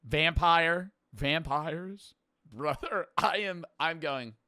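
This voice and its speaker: Young dude streamer reacting, bright voice, excitable and cussing, dry mic. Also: male voice, mid-range voice, normal speed, clean tone, no echo. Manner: excitable, profane, rambling banter. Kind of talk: casual reaction commentary.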